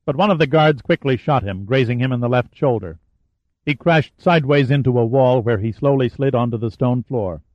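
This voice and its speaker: A man narrating a thriller audiobook in an even, steady reading. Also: mid-range voice, normal speed, no echo, highs cut off. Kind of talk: scripted narration.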